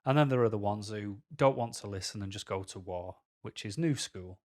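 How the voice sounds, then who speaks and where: A man's voice: on the low side, fairly quick, a little mellow. A man with a Mancunian accent talking candidly to camera as a vlogger, rambling through personal stories with tangents.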